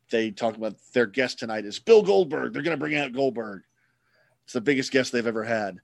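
A man's voice: mid-range voice, no echo. A man hosting a casual podcast chat, rambling and sarcastic, swearing freely.

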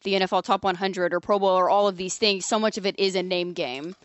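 A woman's voice: fairly low pitch, fairly even intonation, quick pace, clean tone, no room sound, muffled recording. A woman co-hosting a casual sports panel chat, chatty and upbeat, laughing often. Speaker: sports podcast co-host.

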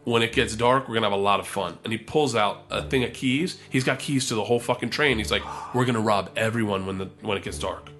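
A man telling a wild comic anecdote with lots of swearing, excitedly acting out the other people's lines in raised voices. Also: fairly low pitch, fast, hardly any pauses, faint music behind. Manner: profane, excitable, acts out the quotes in raised voices. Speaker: storyteller.

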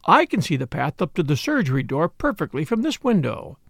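A man voicing a brisk, gossipy middle-aged spinster sister who speaks in a complacent, self-important, knowing way. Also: a little high, very animated, vocal fry, a bit bright, no echo, clean studio sound, exaggerated voice. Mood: self-satisfied. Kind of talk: audiobook character voice.

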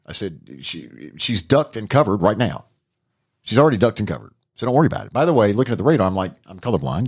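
Middle-aged guy hosting a chatty podcast, low husky voice, jokey and animated. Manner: animated, jokey, rising to mock-outrage. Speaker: podcast host. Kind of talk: casual podcast chat.

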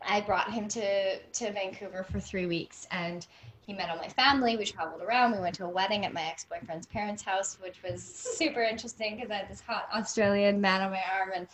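A Canadian woman in her thirties, a guest on an interview show, telling personal stories casually with lively quoted voices and frequent laughter. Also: mid-range voice, fairly quick, slight background noise. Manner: animated, laughs often, quotes people in voices. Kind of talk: casual storytelling. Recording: roomy echo.

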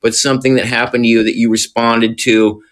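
This recovery counselor on a podcast speaks a little fast, with a medium pitch and level tone, giving casual explanations dotted with rhetorical check-in questions.

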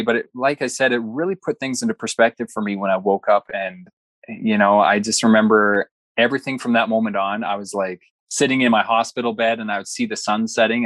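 A man's voice: fairly low pitch, fairly bright tone, dry recording. Earnest young man telling his story. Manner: earnest, heartfelt storytelling with light humor. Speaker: podcast guest. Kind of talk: personal story told in an interview.

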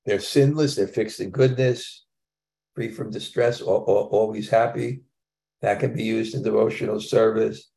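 A man's voice: on the low side, steady tone, moderate pace, vocal fry, mellow. A man teaching a scripture class in a casual, conversational way, with chuckling asides.

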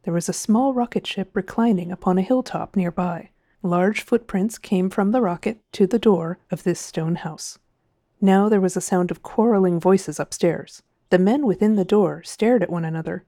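A woman reads a story aloud in a mellow, darker voice with measured, even pacing. The recording is dry and close, with no room sound. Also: lowish voice, dry recording. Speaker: narrator. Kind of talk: scripted narration.

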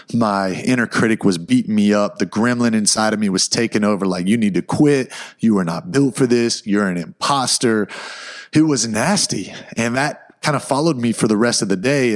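A man who is a motivational speaker and podcast host, telling a personal story in a casual, animated way and often adding "man". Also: lowish voice.

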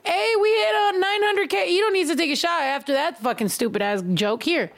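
A woman hosting a casual livestream chat, talking in an animated, joking and heavily profane way. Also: extremely high pitch, fairly quick, creaky, no echo. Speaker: livestream host.

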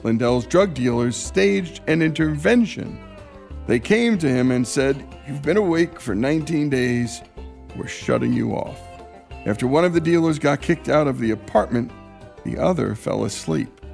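Casting: male host, gravelly, measured scripted narration, soft guitar behind. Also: mid-range voice. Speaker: podcast host.

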